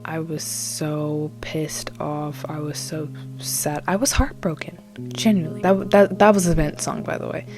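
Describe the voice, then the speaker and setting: A woman's voice: sits low, a little slow, over music. A young woman in her late teens, a musician talking casually and dramatically about her songs. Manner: animated, dramatic and candid. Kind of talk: casual vlog talk.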